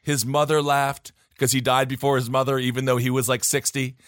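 A man co-hosting a podcast in casual comedic chat, animated and joking as he reads stories aloud. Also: mid-range voice, brisk, no echo, clean studio sound. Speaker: podcast co-host.

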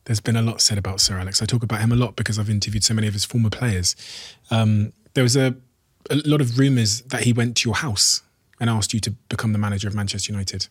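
A man's voice: lowish voice, fairly even intonation, fast talker, slightly rough, dry recording, studio quality. A man hosting a podcast, reading sponsor messages and asking questions in an earnest, emphatic way. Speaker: podcast host. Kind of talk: sponsor read and interview.

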